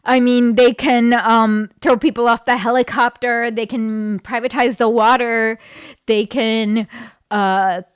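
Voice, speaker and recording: Blunt sarcastic woman, fairly high voice. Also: steady tone, takes it slowly, smooth, no room sound, studio quality. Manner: blunt and sarcastic, with many fillers. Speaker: commentary host. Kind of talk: casual reaction commentary.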